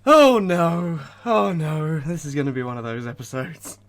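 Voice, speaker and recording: A podcast co-host in casual comedic chat, playful and quick-witted, laughing often, on a remote call. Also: mid-range voice.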